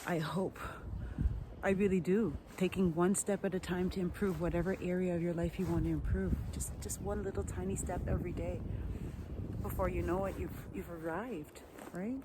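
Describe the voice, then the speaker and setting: A woman's voice: on the low side, fairly even intonation, moderate pace, noisy background. A woman, talking in a rambling, chatty vlog monologue outdoors. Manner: warm, chatty, rambling with restarts. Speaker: vlogger.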